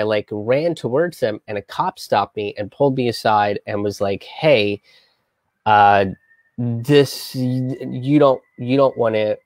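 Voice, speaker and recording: A man casually telling a heavy personal story on a live stream, halting and restarting often and swearing freely. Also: mid-range voice, dry recording, studio quality.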